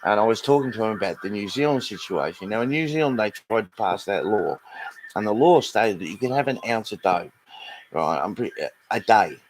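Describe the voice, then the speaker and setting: A man's voice: on the low side, expressive, fairly quick, a little hiss or hum, rough recording. An Australian man rambling through a sweary, casual rant to a live audience, full of restarts. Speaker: live streamer.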